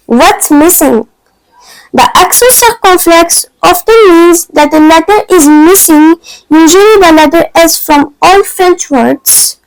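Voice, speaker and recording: A woman's voice: very high voice, dry recording, low-quality recording. A woman teaching an online French lesson, explaining patiently step by step in non-native English phrasing.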